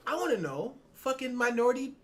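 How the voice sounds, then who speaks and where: A man's voice: very high voice, very animated, brisk, a crowd in the background. A man co-hosting a casual podcast, swearing constantly and laughing mid-sentence as he rants. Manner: swears constantly, ranty, rises sharply when worked up, laughs mid-sentence. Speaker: podcast co-host. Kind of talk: casual profane chat.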